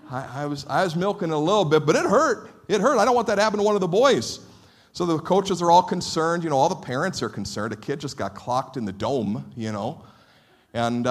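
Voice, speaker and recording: A male pastor preaching a sermon, telling stories with a humorous, self-deprecating manner. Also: medium pitch. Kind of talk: sermon with storytelling.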